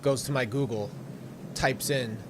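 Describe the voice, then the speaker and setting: A man's voice: mid-range voice, fairly even intonation, a little slow, noisy background, natural voice. A man mimicking a whiny valley girl. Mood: mocking. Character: whiny ditzy valley girl woman, defensive.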